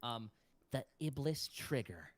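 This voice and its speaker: A man's voice: medium pitch, expressive, slow. A man who works as a voice actor, chatting casually on a livestream, swearing now and then and laughing often. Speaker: voice actor guest.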